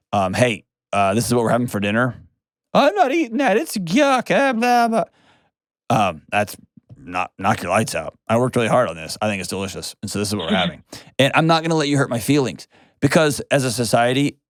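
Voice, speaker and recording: A man's voice: on the low side, no echo, studio quality. A middle-aged man, hosting an advice show and talking with a caller in a direct, blunt, plainspoken way, repeating key phrases. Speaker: host.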